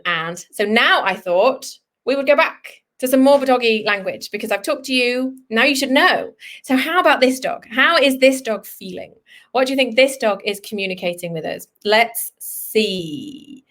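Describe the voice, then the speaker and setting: A chatty woman leads a live online lesson for children, full of questions and playful asides. Her voice sits a touch high and lively, and the sound is a home video call. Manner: animated, chatty, acts out dog voices. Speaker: vet teaching kids.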